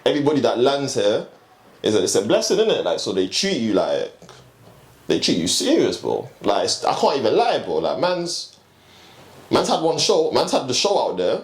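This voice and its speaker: A man's voice: medium pitch, moderate pace. A young man, a guest DJ telling a story in slangy, casual chat with frequent laughs. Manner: slangy, animated, laughs often. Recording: roomy echo, faint background hum.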